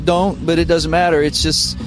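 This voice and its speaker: A middle-aged man, speaking in a slightly raised pitch. He tells loose, easygoing stories with many fillers and pauses. He sounds like a musician being interviewed on the radio. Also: music in the background. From Missouri, United States. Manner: relaxed, rambling anecdotes with many fillers. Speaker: guest musician, guitarist. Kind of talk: casual interview storytelling. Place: radio studio.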